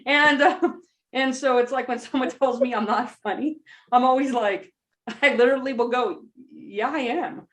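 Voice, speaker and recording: A woman co-hosting a podcast in casual chat, talking in rambling, animated stretches and laughing often at her own jokes. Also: sits high, normal speed. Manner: rambling with many fillers. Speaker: podcast co-host.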